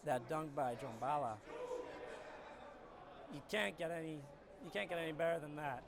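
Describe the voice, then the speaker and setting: A man with a raspy, gravelly voice calls basketball play-by-play from a skybox, bursting into shouts on big plays. His voice sits a bit high for a man. Arena ambience and the bounce of a ball come through a noisy broadcast feed. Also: moderate pace, a crowd in the background. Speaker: play-by-play commentator.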